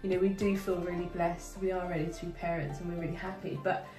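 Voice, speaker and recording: A woman in her thirties, heavily pregnant, talks through her story in a thoughtful, earnest way. She sounds distant from the mic in an echoey room. Music plays clearly behind her. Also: fairly low pitch, flat delivery, quick pace. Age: 30s. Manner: earnest, thoughtful, with frequent fillers. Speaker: co-host of a couple's channel. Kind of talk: casual chat.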